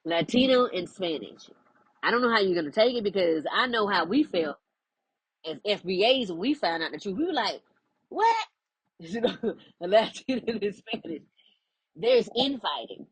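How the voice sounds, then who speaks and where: A woman's voice: on the low side, husky, dry recording, poor audio. A woman, speaking as a spiritual life coach in an emphatic, preachy monologue. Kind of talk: direct-to-camera monologue.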